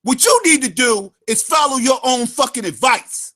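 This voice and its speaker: A man hosting his own channel, ranting heatedly and profanely in a vlog and often shouting. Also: very high-pitched, expressive, moderate pace. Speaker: channel host.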